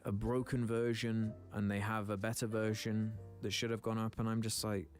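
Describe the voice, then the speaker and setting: A man's voice: lowish voice, little pitch movement, moderate pace, soft background music. A man with an English accent telling a casual story about his voice-acting work. He mocks himself, laughs often and stumbles through restarts. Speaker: YouTuber and voice actor.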